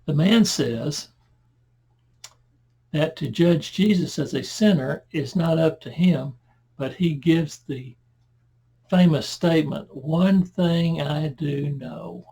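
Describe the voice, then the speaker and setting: A man giving a verse-by-verse Bible lesson in a conversational manner. He reads the scripture louder and breaks into chatty asides. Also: fairly high pitch, slow, husky. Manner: conversational, loud when reading scripture aloud, asides and self-corrections. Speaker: Bible teacher.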